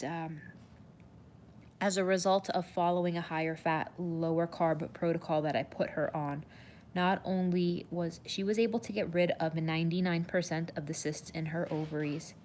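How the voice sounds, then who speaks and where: Earnest woman nutrition coach, lowish voice. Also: moderate pace, slight background noise. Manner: earnest, animated, says "you guys" often. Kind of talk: live stream talk to viewers.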